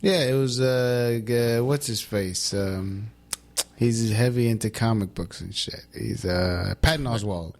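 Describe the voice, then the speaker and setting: Male co-host, average pitch, curt and profane: dry one-liners in casual chat. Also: a little slow. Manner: blunt and profane, with short, dry retorts. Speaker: podcast co-host.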